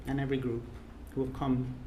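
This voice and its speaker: A man's voice: medium pitch, flat delivery, fairly quick, warm tone, a little hiss or hum. Earnest man speaking in an echoey room. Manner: earnest, repetitive, building to emphatic peaks. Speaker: course leader giving a speech. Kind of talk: emotional thank-you speech. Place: reception room of an official residence.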